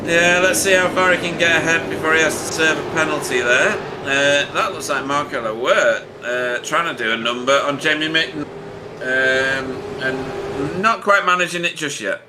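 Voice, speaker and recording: A man giving casual, joking sim racing commentary with many filler sounds, relaxed and chatty. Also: on the high side, moderate pace, background noise. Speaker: race commentator.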